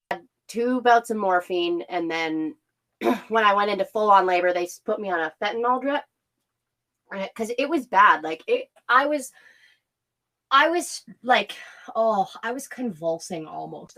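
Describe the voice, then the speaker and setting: A woman's voice: mid-range voice, sharp tone, low-quality recording. A young woman co-hosting a podcast, telling a story in casual chat, candid and swearing freely with bursts of laughter. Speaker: podcast co-host.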